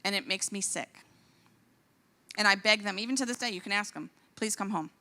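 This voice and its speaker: Bright-voiced indignant woman in a reverberant hall. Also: medium pitch, fairly quick. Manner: animated, indignant, rising to exclamations. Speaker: physician speaker. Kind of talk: impassioned church talk. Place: large church hall.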